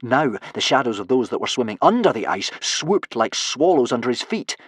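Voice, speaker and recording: An audiobook narrator reads a children's adventure story in scripted, expressive storytelling. He has a mid-range voice at normal speed, recorded at studio quality with no echo.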